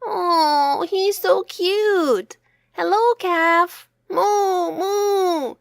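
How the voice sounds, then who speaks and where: Lady doing a tiny curious boy, high squeaky eager voice, super lively. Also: slow pace, no echo, clean studio sound, full character voice. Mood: excited. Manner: eager, high and bright, calls out moos. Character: curious excited three-year-old boy.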